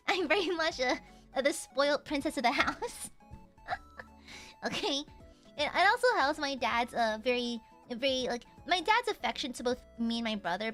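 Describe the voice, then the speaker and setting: A woman livestreamer chatting casually, giggling often and rambling through fillers. Her voice sits high and sounds bright. Soft background music plays beneath her. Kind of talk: casual chat with viewers.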